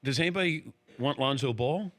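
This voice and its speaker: A man interviewing a guest in a casual chat, firing quick, probing questions and laughing easily. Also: mid-range voice, a bit bright.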